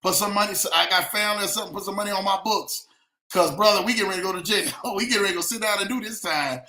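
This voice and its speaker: A man's voice: high-pitched, fast, pushed and bright, reverberant. A man hosting a casual live stream, reading out viewer comments and chatting easily, laughing often and calling people man and brother. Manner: laid-back, laughing, keeps saying man and brother.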